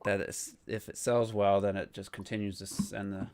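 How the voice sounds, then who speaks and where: A man hosting a casual gaming podcast, rambling and restarting his sentences as he trails off softly. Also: lowish voice, little pitch movement, moderate pace, clear, resonant tone, no room sound. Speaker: podcast host.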